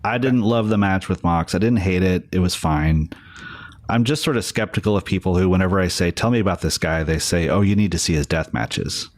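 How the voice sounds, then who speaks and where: A man's voice: low voice, fairly quick. A man co-hosting a podcast in casual chat, rambling along with restarts and lots of "you know". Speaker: podcast co-host.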